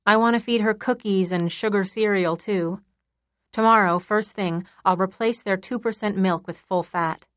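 A woman reading a first-person novel aloud in a measured, intimate storytelling manner. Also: mid-range voice, a bit bright, dry recording, studio quality. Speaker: audiobook narrator. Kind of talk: first-person audiobook narration.

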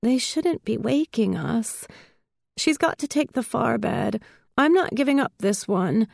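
A sleepy young mill girl, roused and indignant, her voice pitched up and rather soft, as a woman narrator puts her on. She speaks slowly and guards her bed. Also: gravelly, no echo, clean studio sound, exaggerated voice. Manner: sleepy, huffy.

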